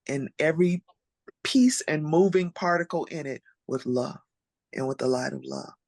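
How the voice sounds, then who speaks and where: A conference speaker giving a heartfelt, reflective panel talk, pausing and restarting as thoughts form. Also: mid-range voice, vocal fry, a little mellow, dry recording, studio quality. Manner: earnest, reflective, with pauses and restarts.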